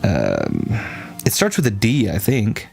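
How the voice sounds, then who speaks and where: A man's voice: on the low side, wildly swooping pitch, takes it slowly, vocal fry, darkish tone, faint music behind. A man from Texas, a streamer rambling and thinking aloud in casual chat with his viewers.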